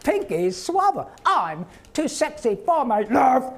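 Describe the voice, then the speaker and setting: A man's voice: very high-pitched, sing-song, slow pace, vocal fry, pitched above the performer's own voice, exaggerated voice. A man voicing a dopey, giddy male lab mouse who sings his lines and blurts out nonsense words. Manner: silly, sing-song, cries Narf.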